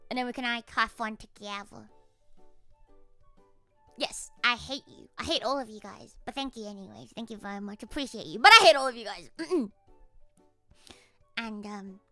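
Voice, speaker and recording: A woman's voice: fairly high pitch, normal speed, long pauses, bright, forceful tone, no echo, soft background music. A young woman who is a virtual idol, chatting casually with viewers on a livestream in a playful, teasing, mock-grumpy way and dropping in Japanese phrases.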